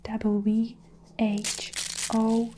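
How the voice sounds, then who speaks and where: A small, frightened schoolboy answers eagerly in a whispered role-play, as a woman puts him on. His voice sits higher than the narration, nervous and hushed. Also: completely flat delivery, very slow, background noise.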